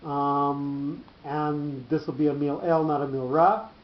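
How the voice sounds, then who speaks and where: A man teaching a Torah class to a small group, explaining points step by step with halting restarts. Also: fairly high pitch, little pitch movement. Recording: roomy dull lo-fi class recording.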